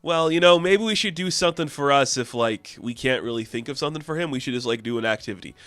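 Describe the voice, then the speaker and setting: Brief: enthusiastic male comic reviewer, smooth clear voice, dry close sound. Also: mid-range voice, quick pace, a bit bright, no room sound. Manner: chatty, enthusiastic, laughs often.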